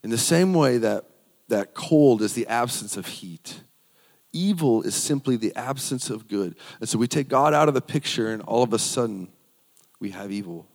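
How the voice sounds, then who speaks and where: A man's voice: mid-range voice, lively intonation, moderate pace, darkish tone. Man, preacher, earnest sermon, repeats key phrases, long hall echo. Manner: earnest, repeats phrases for emphasis, reads scripture aloud.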